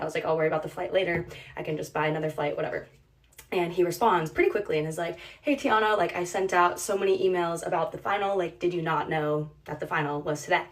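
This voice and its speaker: A woman's voice: fairly low pitch, recorded from a distance. A young woman casually telling a funny college story, chatty and full of "like", laughing at herself as she goes. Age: young adult.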